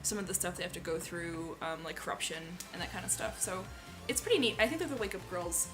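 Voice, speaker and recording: With background music playing, a woman from Canada's Maritimes co-hosts a laid-back question-and-answer chat. She talks quickly in a fairly low voice, chatty and joking, saying "like" a lot.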